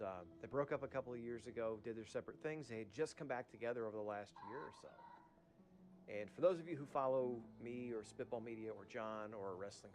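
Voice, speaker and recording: A man hosting his own podcast, talking in a rambling, chatty way with lots of asides while he is losing his voice. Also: fairly low pitch. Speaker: podcast host. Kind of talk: casual podcast monologue.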